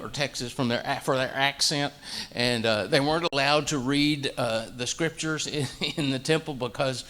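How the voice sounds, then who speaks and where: A man's voice: medium pitch, a bit bright. A man giving a Bible lesson, folksy and hesitant, full of fillers and chuckling asides. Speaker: Bible teacher. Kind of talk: sermon-style Bible teaching.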